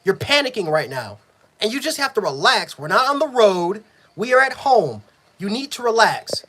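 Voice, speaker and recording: Animated frustrated man reacting live. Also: high-pitched, moderate pace. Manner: frustrated, repetitive, swings from yelling to muttering; profane. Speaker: sports fan streamer.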